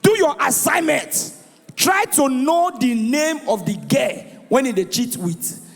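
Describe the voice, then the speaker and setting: A man with a Nigerian accent doing a stand-up comedy routine, animated and shouting his punchlines while acting out the voices in his jokes. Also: very high voice, measured pace, vocal fry. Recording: live venue with long reverb.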